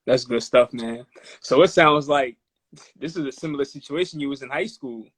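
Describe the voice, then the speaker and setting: A man's voice: mid-range voice, normal speed, no echo. A male host talking over a video call, asking questions in laid-back, slangy prompts. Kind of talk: casual interview.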